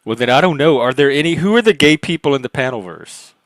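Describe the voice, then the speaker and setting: A man's voice: medium pitch, lively intonation, fast, a bit bright, dry recording. Dry, rambling male stream host. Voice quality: light, youthful-sounding voice for a man. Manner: rambling, self-mocking, laughs often. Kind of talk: casual chat.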